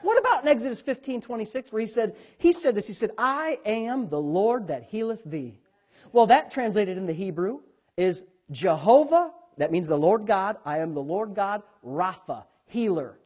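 A man's voice: sits high, moderate pace, breathy edge. A man in his thirties preaching a sermon as a pastor, acting out voices and calling on the congregation to answer. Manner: animated preaching, acts out God's voice and calls for responses. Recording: dull lo-fi sound.

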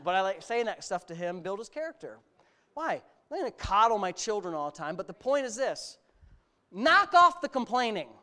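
A middle-aged man preaching a sermon, animated and sarcastic, rising to near-shouts. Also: sits high, brisk. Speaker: pastor.

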